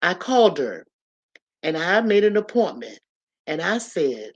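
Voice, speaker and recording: A woman vlogger telling a personal story to her viewers in a casual, animated way, speaking straight to them and repeating phrases for emphasis. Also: lowish voice, a little slow, husky, highs cut off.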